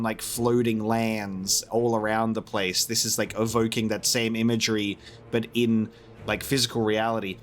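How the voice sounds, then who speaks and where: A young man giving casual, chatty commentary on a game he is playing blind, excitable and quick to laugh. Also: mid-range voice. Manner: chatty, excitable, laughs often, many fillers. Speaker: gamer streaming a blind playthrough.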